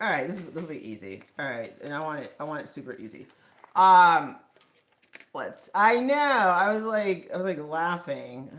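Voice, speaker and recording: A woman's voice: on the low side, a bit bright, slight background noise. A woman chatting casually as host of a livestream from her home kitchen, rambling with lots of fillers. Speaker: live stream host.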